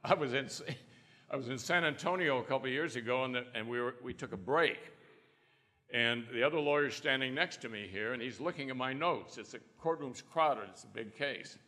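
Acting out the quotes in his folksy stories, an older trial lawyer speaks on a panel in a conference hall. He talks fairly quickly at a medium pitch with a sharp tone, and long reverb fills the recording.

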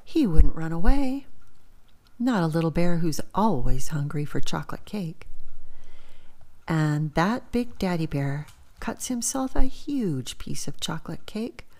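A woman reads a bedtime picture book aloud, often dropping to a whisper. Her voice is low and mellow, unhurried, and rises and falls with lively expression. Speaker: storyteller. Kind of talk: bedtime story reading.

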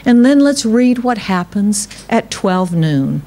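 A woman pastor delivering a sermon in a mid-range voice. She talks straight to the congregation, lets phrases hang in dramatic pauses, sinks low and slow on solemn words, then lifts her pitch to drive a point home. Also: sing-song, warm tone. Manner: dramatic pauses, slows and drops low on key words, rises for emphasis; reads scripture aloud, addresses congregation directly.

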